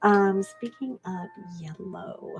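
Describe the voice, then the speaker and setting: A woman's voice: mid-range voice, slow, gravelly, muffled recording, over music. A middle-aged woman hosting a coloring channel, chatting and telling a family story with laughs while she colors. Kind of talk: casual chat while coloring.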